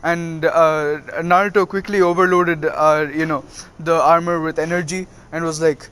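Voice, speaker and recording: A man casually narrating a fan story, halting with many fillers. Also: a little high, level tone, fairly bright tone, smooth.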